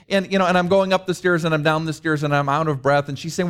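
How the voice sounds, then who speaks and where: A man's voice: fairly high pitch, fairly even intonation, fast talker, few pauses, a bit bright, smooth. A middle-aged man preaching a conversational sermon, mixing rhetorical questions with personal stories. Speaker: pastor.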